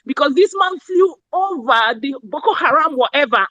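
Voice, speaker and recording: Lady gushing and rambling, kinda high voice, dull dry lo-fi sound. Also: normal speed, no echo. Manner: excitable, effusive and rambling. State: excited. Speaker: speaker in a live audio space. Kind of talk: casual live chat.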